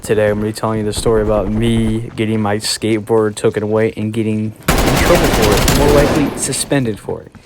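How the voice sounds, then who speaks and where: A man's voice: lowish voice, steady tone, a little fast, hardly any pauses, very noisy. A young man telling a casual storytime in a rambling, profane way, with many restarts. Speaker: vlogger. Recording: loud gunfire sounds behind. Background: loud video game gunfire.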